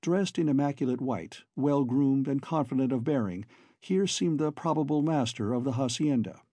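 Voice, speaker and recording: A man's voice: medium pitch, normal speed, mellow, no room sound. A man reading a novel aloud as an audiobook narrator, telling the story steadily. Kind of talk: scripted narration.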